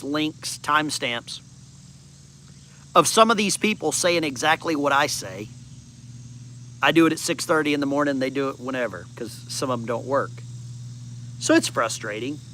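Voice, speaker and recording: A man in his fifties with a bright, forceful voice talks casually from his backyard, rambling from one viewer comment to the next. A faint hum of background noise sits under his voice outdoors. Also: a little high. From United States. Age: 50s. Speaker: channel host.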